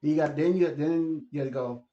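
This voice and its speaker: A man's voice: on the high side, a little fast, dark tone. A man talking in a casual, rambling monologue, laughing often and repeating words as he goes. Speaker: channel host. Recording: echoey room, slightly dull sound.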